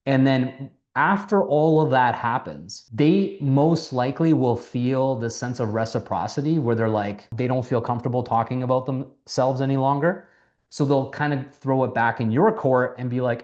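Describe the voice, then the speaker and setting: A man casually coaching people on sales, lively, acting out quoted conversations, and swearing now and then. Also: medium pitch, normal speed, highs cut off. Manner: animated, acts out quoted dialogue, swears casually. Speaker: mentor teaching sales.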